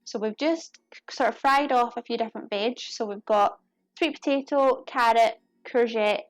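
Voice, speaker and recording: A young woman with a Glasgow Scottish accent chatting casually to viewers while she cooks on a live stream, friendly and often apologetic. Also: on the high side. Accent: Glaswegian Scottish. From Scotland. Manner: chatty, apologetic, quick to laugh.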